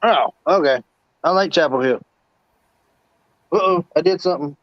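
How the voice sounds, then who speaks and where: Man from north carolina, joking host, high voice, clowning, dry muffled call audio. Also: moderate pace, no room sound. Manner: clowning, slips into impressions. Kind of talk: joking live chat.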